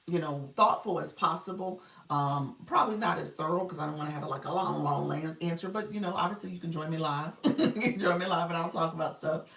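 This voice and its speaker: A woman's voice: sits low, gravelly, fairly bright tone, distant mic. A middle-aged woman chatting on a live stream as a coach, reading viewers' comments aloud and laughing often. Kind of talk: casual live-stream chat. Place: room at home, child heard in background. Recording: roomy livestream audio from off-mic.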